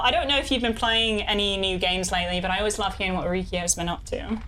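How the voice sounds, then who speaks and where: A young woman, chatting casually with her live chat while gaming, bubbly and quick to laugh. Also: medium pitch, noisy background. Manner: bubbly, laughs often, reads chat aloud. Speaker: streamer.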